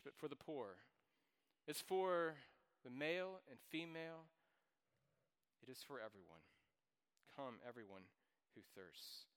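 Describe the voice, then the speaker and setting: A man preaching a sermon as pastor, emphatic, repeating key phrases and swinging between loud and hushed delivery. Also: a little high. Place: church sanctuary. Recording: long reverb of a church hall.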